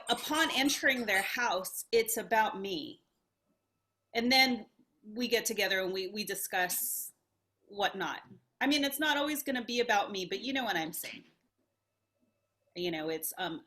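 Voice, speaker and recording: A woman sharing her thoughts in a casual group video call, thoughtful and hesitant, with many pauses and fillers. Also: medium pitch, bright, forceful tone. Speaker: study group participant.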